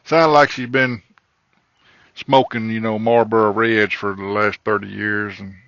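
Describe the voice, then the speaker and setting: Profane trucker spinning a crude yarn. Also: male voice, on the low side, unhurried, no room sound. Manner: profane, rambling, animated in the quoted parts. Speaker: podcast host, trucker. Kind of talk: crude comedic storytelling. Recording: dull lo-fi recording, dry.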